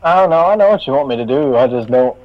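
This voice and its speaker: A man's voice: medium pitch, expressive, fast, noisy background. Male tabletop player, casual and rambling, joking, muffled lo-fi sound. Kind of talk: casual tabletop game chat.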